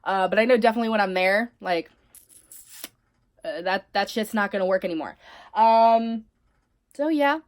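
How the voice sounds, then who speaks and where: A young woman chats straight to her camera in a loose, emotional vlog. She swears freely and leans on fillers. Her voice is mid-pitched and the sound is close and dry. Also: a little fast, pauses often, dry recording. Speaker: vlogger. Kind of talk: casual vlog monologue.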